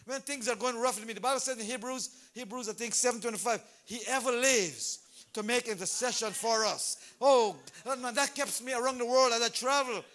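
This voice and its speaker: A man preaching a sermon at a church service, animated, repeating names and breaking into shouted exhortations. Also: very high voice, brisk.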